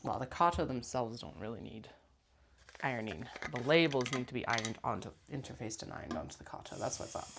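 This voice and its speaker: A woman's voice: extremely low pitch, lively intonation, a little fast, creaky, background noise. A woman who vlogs about sewing, chatting casually on a clip-on mic and muttering to herself and her cats as she works in her basement. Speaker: sewing vlogger. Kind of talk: casual chat while working.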